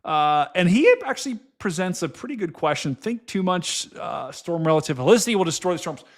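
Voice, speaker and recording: A young man hosts a weather livestream with a noticeably high voice. He chats casually, gets excitable, and breaks into exclamations and laughs. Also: brisk. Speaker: livestream weather show host.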